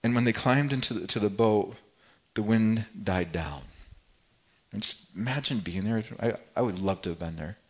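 A man preaching a sermon in an earnest voice, repeating words and phrases as he builds and softens his delivery. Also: on the low side, moderate pace, highs cut off. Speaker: pastor.

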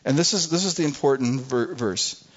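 A man's voice: medium pitch, normal speed, slightly rough. A man preaching a sermon with emphasis, often repeating words as he restarts. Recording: muffled lo-fi recording.

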